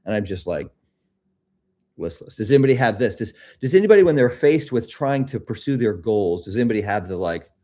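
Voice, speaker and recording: A middle-aged man with a low, mellow voice talks casually and openly about his own fears. He moves into a slow, gentle guided meditation, coaching listeners to breathe and feel their bodies. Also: sing-song. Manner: reflective, self-disclosing, gently guiding. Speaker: host of a live self-help stream.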